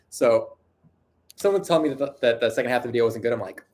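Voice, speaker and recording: A video creator with a nasal voice hosts a casual livestream, answering viewer questions in a rambling, self-deprecating way with frequent restarts and laughter. He talks fast in a mid-range voice with a darkish tone.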